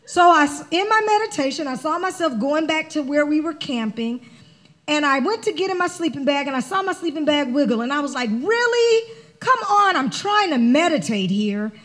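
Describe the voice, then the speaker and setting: High-voiced woman telling a sermon story. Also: brisk. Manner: animated, conversational storytelling. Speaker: spiritual director.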